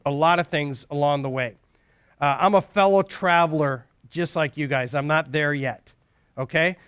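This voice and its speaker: A man's voice: a little high, a bit bright, clear, resonant tone, dry recording. A man preaching a sermon in a folksy storytelling way, acting out jokes and leading a prayer.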